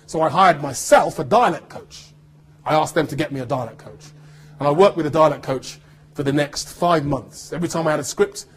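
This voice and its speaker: An English man, an actor, giving an animated anecdotal talk to students and acting out voices as he tells stories. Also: a little high, slightly rough. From United Kingdom. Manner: animated storyteller, acts out voices.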